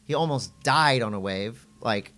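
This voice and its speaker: Middle-aged male podcast co-host, animated storyteller, mid-pitched, high-voiced quotes. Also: measured pace. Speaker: podcast co-host and surf commentator. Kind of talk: casual podcast chat.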